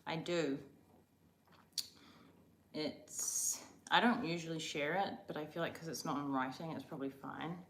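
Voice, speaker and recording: A woman's voice: low voice, fairly even intonation, measured pace, fairly bright tone, a little hiss or hum. A young woman from Croatia hosting a casual livestream, chatting in a rambling, oversharing way. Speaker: livestream host. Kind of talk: casual live chat.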